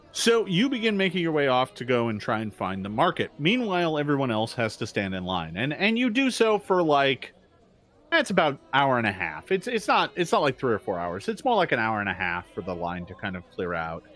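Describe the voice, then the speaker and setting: A man's voice: mid-range voice, sing-song, normal speed, a bit bright. A man running a tabletop game as game master, narrating in a rambling way with many fillers and restarts.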